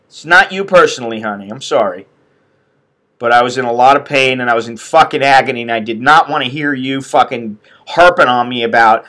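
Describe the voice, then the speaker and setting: A man's voice: mid-range voice, a little fast, pushed and bright. A middle-aged man from the United States on a casual live stream, blunt, profane and venting. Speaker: expat vlogger.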